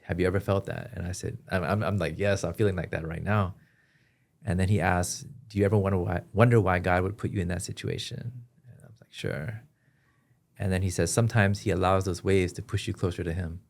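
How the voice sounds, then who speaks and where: A man as a podcast guest, telling his personal story in an earnest, halting way with frequent restarts. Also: low voice, level tone, creaky, a little mellow. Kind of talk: personal testimony in an interview.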